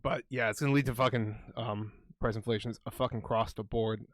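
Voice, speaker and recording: A man co-hosting a podcast, talking casually, swearing constantly and rambling excitably. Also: mid-range voice, fairly quick, no echo. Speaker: podcast co-host. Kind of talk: casual chat.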